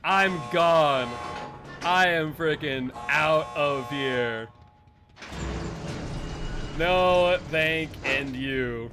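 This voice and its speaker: Excitable man streaming a game. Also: on the high side, extremely slow, pauses often, music in the background. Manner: excitable, jumps to shouting when startled, laughs often. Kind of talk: live gameplay commentary.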